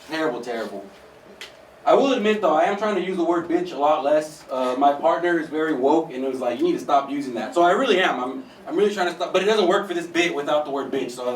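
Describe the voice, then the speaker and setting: This is a fairly high-pitched voice from a twenty-something American comedian working an open mic in a small theater. His delivery is loose, profane and chatty, peppered with "dude." The recording is roomy and distant, with faint ambience and slight hiss or hum.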